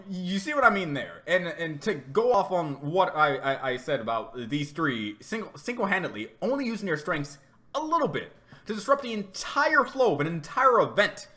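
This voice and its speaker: A man giving a rambling, animated reaction commentary, laughing often and repeating himself as he talks. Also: high-pitched. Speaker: reaction video host.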